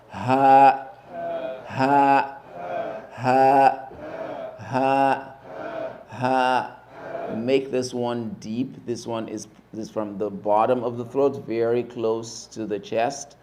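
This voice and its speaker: A man teaching Arabic letters in a mosque class, calling out each letter loudly several times and then explaining it. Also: medium pitch. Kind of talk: slow letter-by-letter teaching drill.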